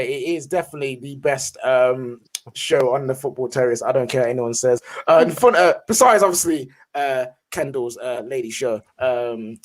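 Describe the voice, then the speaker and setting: A man hosting a casual football chat show, hyped and slangy. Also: high voice. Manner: hyped, slangy, shout-outs. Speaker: host.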